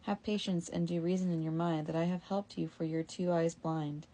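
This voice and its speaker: A woman reading the lines of a sly, quick-tongued young wife in a storybook reading. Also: fairly low pitch, steady tone, dark tone, close to an everyday voice. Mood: persuasive. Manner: pleading then brisk and self-justifying.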